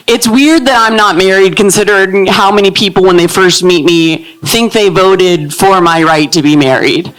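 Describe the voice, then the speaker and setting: A woman in her thirties with a low, manly-sounding voice, performing a live stand-up set in a comedy club with a deadpan delivery. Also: poor audio. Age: 30s.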